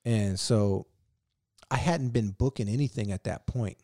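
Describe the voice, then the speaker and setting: A man from Virginia telling animated stories as a podcast guest, cursing freely in casual chat. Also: fairly low pitch, a little slow, no room sound, studio quality. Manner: animated, profane, laughing storyteller. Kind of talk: casual storytelling.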